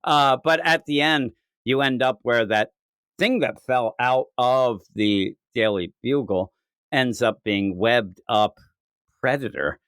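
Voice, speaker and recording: A man's voice: medium pitch, slow, a bit bright, clean tone, no room sound, clean studio sound. A man co-hosting a podcast, chatting casually about comics and slipping into goofy quoted voices. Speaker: podcast co-host. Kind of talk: casual comic book review chat.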